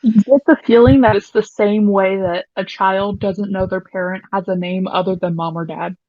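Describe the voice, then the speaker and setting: A woman narrating a tabletop game as game master in a matter-of-fact way. Her voice has a middle pitch and comes through a dry, somewhat muffled mic with a dull top end. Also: fairly even intonation, moderate pace, no echo.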